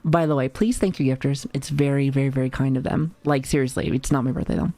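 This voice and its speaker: A woman's voice: extremely low pitch, fairly even intonation, quick pace, warm tone, dry recording. A woman in her thirties streaming live, talking casually to her chat with lots of swearing and joking. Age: 30s. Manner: profane, joking, chatty with frequent laughs.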